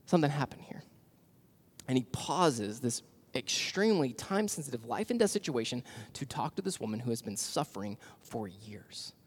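A pastor preaching a sermon in a casual, conversational way, with slang and fillers. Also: male voice, mid-range voice, sing-song, moderate pace, slightly rough.

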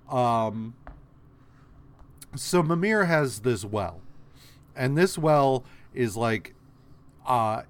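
A man co-hosting a podcast, casually retelling a story in a rambling, profane way with many fillers. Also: medium pitch. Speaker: podcast co-host. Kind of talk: casual comic recap chat.

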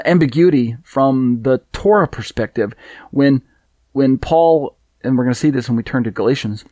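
A man's voice: mid-range voice, a little mellow, dry recording. A man teaching a scripture study, reading verses aloud and Hebrew passages in a conversational way with fillers. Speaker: Bible teacher.

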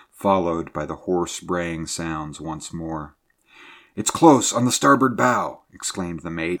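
A man reads an old seafaring tale aloud in a very deep, low voice. His storytelling is measured and dramatic, paced like an audiobook. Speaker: narrator. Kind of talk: audiobook narration.

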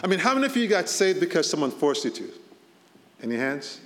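A man's voice: on the high side, very animated, fairly quick, a bit bright. Man preaching in a reverberant church hall. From Boston area. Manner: conversational preaching with rising emphasis. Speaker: pastor. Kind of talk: sermon.

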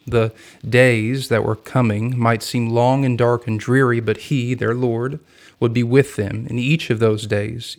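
A man hosting a daily podcast, reading scripture and explaining it in a measured, earnest way. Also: mid-range voice. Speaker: podcast host and Bible teacher. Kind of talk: scripted devotional Bible teaching.

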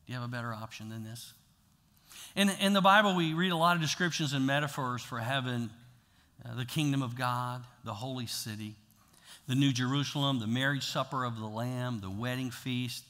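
A pastor preaching a sermon in a casual, talky way, swinging from loud to hushed. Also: male voice, medium pitch, normal speed. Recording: long hall reverb.

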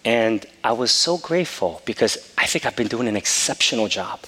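A middle-aged man preaching a sermon, telling a personal story in a casual, animated way with many fillers. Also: medium pitch, normal speed. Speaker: pastor. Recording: long hall reverb.

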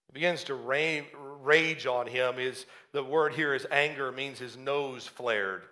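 A male preacher telling a Bible story in an animated sermon, often acting out its characters. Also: mid-range voice, measured pace, few pauses.

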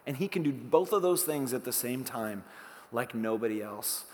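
A man preaching a sermon as pastor, talking conversationally, asking rhetorical questions and swinging between hushed lines and emphatic ones. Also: medium pitch, animated, moderate pace, big-room sound, slight background noise.

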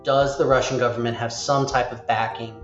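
A man's voice: mid-range voice, fairly quick. A man hosting a casual chat, rambling along and acting out quotes as he goes. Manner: rambling, animated, acts out quotes. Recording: roomy, slightly dull sound with faint music.

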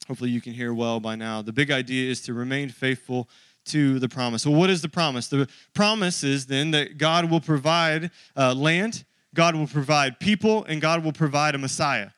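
A man's voice: mid-range voice, moderate pace, fairly bright tone, clean tone, no echo. A man in his thirties preaching a sermon to his church, conversational and joking with the congregation. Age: 30s. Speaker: pastor.

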